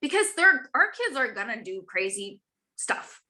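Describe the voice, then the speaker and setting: A woman's voice: on the high side, sing-song, unhurried, bright, forceful tone. A woman in her thirties or forties, an author chatting earnestly on a live stream, with many fillers and restarts. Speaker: author guest. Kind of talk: casual live chat.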